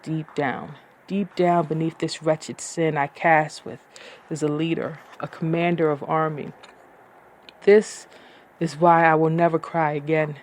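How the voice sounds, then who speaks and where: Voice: medium pitch, flat delivery, measured pace, lightly acted. A poetry reader voicing a defiant woman warrior pleading with her husband in an impassioned, declaiming poetry reading.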